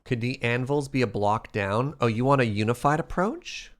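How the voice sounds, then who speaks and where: This man has a mid-range voice and talks at normal speed while streaming a building game. He's playful and animated, addressing the chat as he builds.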